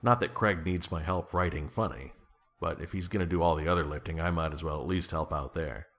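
A man's voice: sits low, a bit bright. A man talking as an author guest in a casual interview, playful, laughing often and slipping into comic voices.

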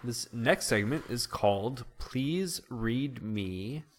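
Male host, unhurried, dry delivery, mid-range voice. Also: mid-range voice, animated. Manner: slow, dry prompts and short replies. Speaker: podcast host. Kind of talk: casual podcast chat.

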